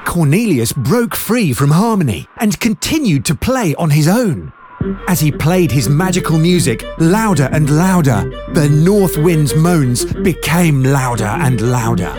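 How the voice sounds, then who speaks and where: A storyteller reading a children's story aloud in an expressive way. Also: medium pitch, a little slow, over music. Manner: lively, expressive.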